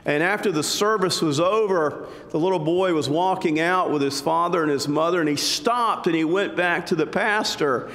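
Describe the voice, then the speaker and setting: Male pastor, sermon, conversational with jokes; slightly high voice, reverberant sanctuary. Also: normal speed, hardly any pauses, a bit bright. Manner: conversational, joking storytelling. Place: church sanctuary. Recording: long church reverb.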